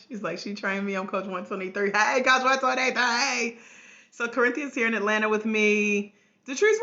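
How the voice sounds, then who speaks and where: A woman hosting a casual livestream from home, hoarse with a cracking voice, chatting and greeting viewers by name through a tablet mic. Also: medium pitch, sharp tone. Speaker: life coach trainer hosting a livestream. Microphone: tablet microphone. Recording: grainy lo-fi livestream audio.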